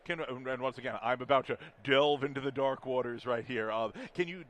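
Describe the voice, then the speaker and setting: A man's voice: medium pitch, fairly quick, a bit bright. A man interviewing a game designer at a convention, asking careful questions and agreeing readily.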